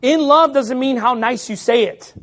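A man with a very high speaking voice delivers a sermon. He preaches forcefully, raising his voice, and mimics his critics with mocking tones. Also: moderate pace. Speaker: pastor.

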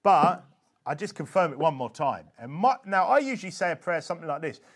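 A man with a notably high voice teaches in an informal, conversational way. He is earnest and emphatic, repeating and restarting phrases as he goes. He keeps checking in with his listeners with a quick "okay?". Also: very animated. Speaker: evangelism instructor. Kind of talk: informal religious teaching talk.

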